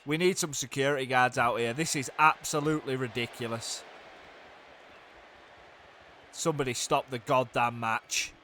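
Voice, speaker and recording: A young man giving excitable play-by-play commentary on a wrestling video game, swinging from hushed groans to loud shouts. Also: medium pitch, normal speed, long pauses, slight background noise.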